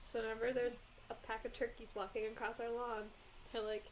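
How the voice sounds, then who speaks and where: A young woman guest with a slightly high voice, chatting earnestly and sprinkling in ums. Faint hiss sits behind her. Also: flat delivery, brisk, low-quality recording. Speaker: podcast guest. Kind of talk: casual chat.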